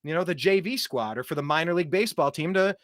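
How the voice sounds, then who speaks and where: Animated mocking male talk show host. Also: a little high, fast, dry recording, clean studio sound. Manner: animated, mocking, does voices while ranting. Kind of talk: opinionated commentary over clips.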